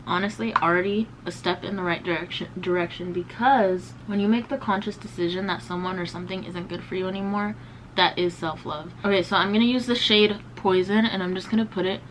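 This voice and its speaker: A woman's voice: fairly low pitch, a little hiss or hum, low-quality recording. A young woman in her twenties, chatting casually and slangily as a beauty vlogger while doing her makeup. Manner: chatty, slangy, lots of "like" and "bro".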